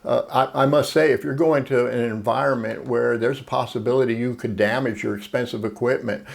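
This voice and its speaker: A man hosts a casual camera review vlog. His voice is mid-pitched with a gravelly edge. He explains plainly and unhurriedly, often restarting his sentences. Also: fairly even intonation, a little fast. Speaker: photography video host.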